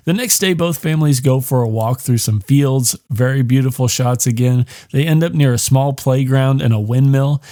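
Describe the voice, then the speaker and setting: A man's voice: medium pitch, warm tone, no echo, studio quality. A man hosting a podcast, casually recapping a film in a rambling, profane way with lots of fillers. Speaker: podcast host.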